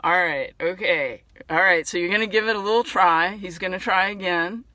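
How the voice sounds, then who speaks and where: Bright, playful church minister man. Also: high-pitched, moderate pace, dry recording. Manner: playful, chatty, warm encouragement with laughs. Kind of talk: casual spiritual video talk.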